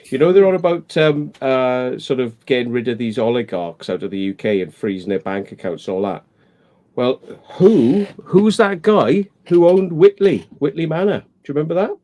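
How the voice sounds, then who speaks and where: Sweary man with a mellow voice. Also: mid-range voice, expressive, moderate pace. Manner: sweary, ranting. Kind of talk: casual live-stream chat.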